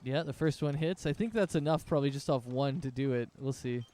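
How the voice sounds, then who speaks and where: A man narrating as game master of a tabletop game, relaxed and loose, with restarts. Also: mid-range voice, a little fast.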